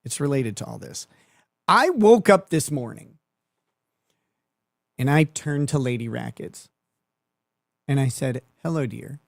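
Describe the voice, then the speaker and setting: A man's voice: mid-range voice, lively intonation, unhurried, creaky, long pauses, no echo. A man riffing through a mocking commentary, with a voice that swings widely up and down as he talks. He is sarcastic and profane, and he laughs often. The sound is dry, close and plain. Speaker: commentary show host.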